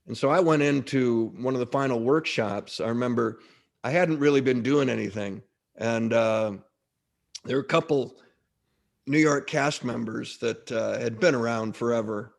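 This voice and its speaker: This gravelly, mid-range male voice moves at normal speed as a middle-aged actor tells stories during a relaxed interview. He's a guest who wanders off-topic, keeps restarting sentences, and fills the chat with lively anecdotes.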